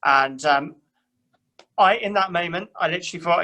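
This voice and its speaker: A man's voice: a little high, moderate pace, pauses often, pushed and bright, low-quality recording. A young man, a church youth worker, chatting casually and self-deprecatingly, with many fillers and restarts. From England. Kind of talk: casual chat.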